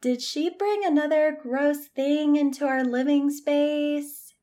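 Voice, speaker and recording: A woman's voice: sits high, steady tone, slow pace, warm tone, voice pushed up. A woman voicing April, a grumpy sleepy teenage roommate, grumbling and dismissive.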